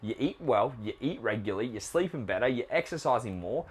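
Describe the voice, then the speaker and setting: A young man hosts a fitness podcast at a medium pitch. He talks bluntly and swears freely. He keeps firing rhetorical questions at his listeners. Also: animated, brisk, slightly rough. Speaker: podcast host and trainer. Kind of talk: casual motivational monologue.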